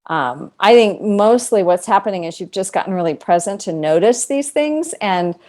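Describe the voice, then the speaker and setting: A woman's voice: mid-range voice, animated, moderate pace, warm tone. A middle-aged woman, an author guest in an interview, telling a personal story in an earnest, reflective way. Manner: earnest, reflective, acts out quoted dialogue.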